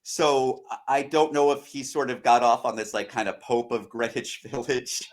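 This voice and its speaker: An American man talks movies with friends in a loose, unhurried chat. His voice sits at an ordinary middle pitch, and he gives long, rambling explanations that wander from point to point. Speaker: podcast co-host or guest. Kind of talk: casual film-discussion chat.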